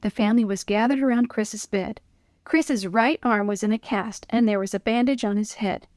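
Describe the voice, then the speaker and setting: A woman reading a children's Bible story aloud in a clear, expressive storyteller manner. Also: mid-range voice, normal speed, no room sound, studio quality. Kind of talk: scripted children's story narration.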